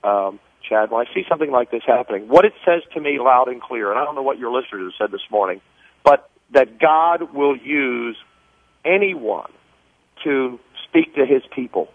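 A man's voice: mid-range voice, expressive, moderate pace, dry recording. A man calling into a radio show as a guest, talking fervently and preacherly, often repeating words as he builds a point, heard over a phone line. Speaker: political guest on a call-in. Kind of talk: phone interview. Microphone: telephone.

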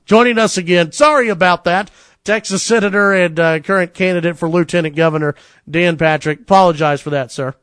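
A man hosting a talk radio show, brisk and conversational with fillers and restarts, speaking into a studio microphone. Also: high voice, a bit bright, dry recording.

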